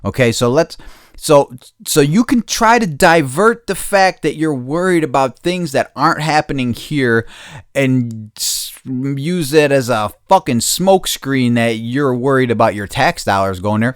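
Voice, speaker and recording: An American man hosting a podcast, ranting bluntly with constant swearing, swinging between low mutters and loud outbursts. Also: animated, measured pace, clear, resonant tone, no room sound, studio quality. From United States. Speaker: podcast host. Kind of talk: profane opinion rant.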